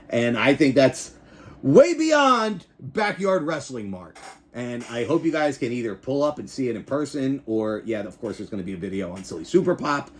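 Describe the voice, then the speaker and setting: Man, 40s, vlog host; rambling, profane, very animated delivery with a wide pitch swing. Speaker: YouTuber and backyard wrestling show host. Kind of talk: casual reaction vlog.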